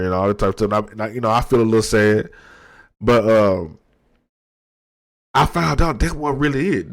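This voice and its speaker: A man in his thirties talking slowly and candidly into the mic at his desk, reflective and low-key, with slang and many restarts. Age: 30s. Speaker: podcast host. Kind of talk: candid personal monologue.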